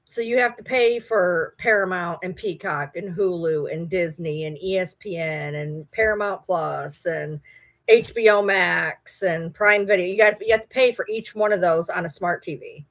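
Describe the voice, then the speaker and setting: A woman's voice: fairly low pitch, moderate pace, fairly bright tone. A woman from Michigan with a Michigan accent, chatting casually on a livestream, rambling and answering viewer comments. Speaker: livestream host.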